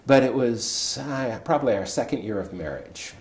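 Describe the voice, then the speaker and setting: A man in his sixties, a coach, telling a personal story in a conversation with big swings of pitch. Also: lively intonation, moderate pace, darkish tone. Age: 60s. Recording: echoey room with faint ambience.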